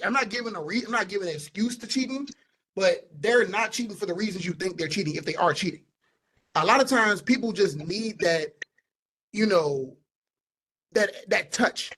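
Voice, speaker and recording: A young man holds forth on a casual podcast, fairly high in pitch. He is animated and emphatic and circles back over the same words to drive a point home. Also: slightly rough, low-quality recording. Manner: animated, emphatic, repeats himself for stress. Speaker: podcast co-host. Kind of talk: casual opinionated chat.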